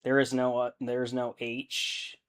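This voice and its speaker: A man in his young adult years talks in an unhurried, drawn-out way during a casual live stream, mid-pitched and easygoing. He rambles and thinks aloud while he paints, breaking into laughter often. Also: completely flat delivery, smooth.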